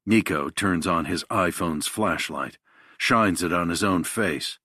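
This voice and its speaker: Deep husky guy reading a thriller audiobook, slow and measured, dry sound. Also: bright, forceful tone, dry recording. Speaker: audiobook narrator. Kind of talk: scripted thriller narration.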